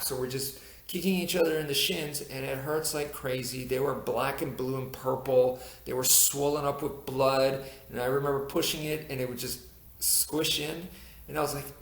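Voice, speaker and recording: A man's voice: medium pitch, echoey room. A man casually telling a personal story to his viewers, rambling with fillers and restarts. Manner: rambling, many fillers and restarts, laughs at himself.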